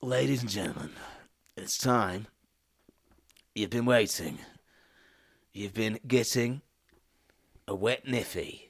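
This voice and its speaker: A sleazy crooner, as a man puts him on, low and drawn-out with a gravelly edge. The sound is close and dry. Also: no room sound. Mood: leering. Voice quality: low, slow, crude crooning. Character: sleazy man putting on a seductive voice.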